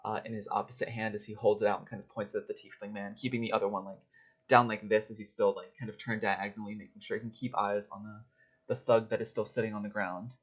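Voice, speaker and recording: A man's voice: fairly low pitch, level tone, fast talker, husky. A man narrating a tabletop game as game master, hesitant and full of fillers. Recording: dull lo-fi recording.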